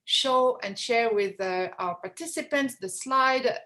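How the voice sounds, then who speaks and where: Woman moderator, fairly high voice, hesitant with restarts, video call panel. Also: slow pace, sharp tone. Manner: hesitant, many fillers and restarts. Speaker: session moderator.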